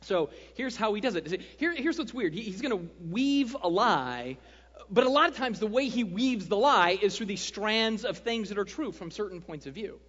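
A man preaching a sermon as pastor, animated and joking, often checking in with the congregation. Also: high-pitched, moderate pace. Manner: animated, joking, keeps asking "right?". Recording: dull lo-fi sound, long hall reverb.

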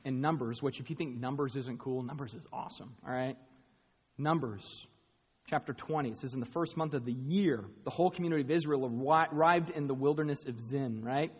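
A man preaching a sermon, animated and rising to loud, emphatic bursts. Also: mid-range voice, fairly quick, breathy edge, muffled recording. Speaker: pastor. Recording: long hall reverb.

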